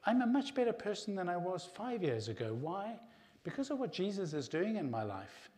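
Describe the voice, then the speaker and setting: A man's voice: high-pitched, big pitch swings, normal speed, a little mellow. A middle-aged man preaching a sermon as pastor, earnest and direct, calling his congregation "folk". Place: church hall. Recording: long hall reverb.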